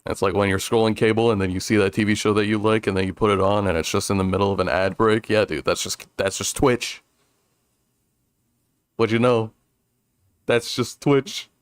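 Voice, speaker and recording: A man's voice: lowish voice, fairly even intonation, fast talker, few pauses, clean tone, no echo. A male streamer chatting casually during a game, rambling with restarts and frequent chuckles. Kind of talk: casual let's-play chat.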